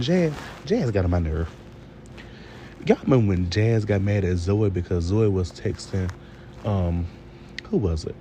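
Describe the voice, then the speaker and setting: A man giving a casual, rambling TV review, talking straight to his viewers. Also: lowish voice. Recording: steady background noise.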